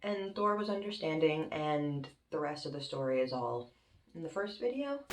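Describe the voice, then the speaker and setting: A young woman telling a story on her vlog in a casual, animated, dramatic way, with plenty of swearing. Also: deep voice, normal speed. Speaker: YouTuber. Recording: roomy with faint music.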